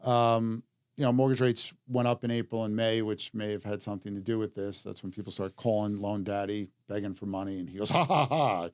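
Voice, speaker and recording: A man hosting a casual market talk show, joking in quick upbeat asides. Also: fairly low pitch, little pitch movement, darkish tone, smooth, no echo. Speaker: podcast host. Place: studio.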